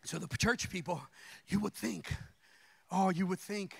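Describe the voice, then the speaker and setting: A male pastor preaching a sermon, fervent and colloquial, moving between hushed talk and shouted declarations. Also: high-pitched, unhurried, vocal fry, husky, dry recording.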